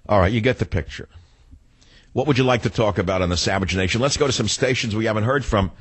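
A man's voice: fairly low pitch, quick pace, husky, dry recording. A male radio talk show host giving an indignant monologue full of repeated rhetorical questions.

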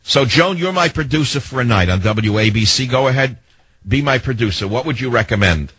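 A man's voice: mid-range voice, lively intonation, a bit bright, husky, no room sound, low-quality recording. An older man with a New York accent hosting a talk radio show, brash and digressive. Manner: brash, rapid-fire, digressive.

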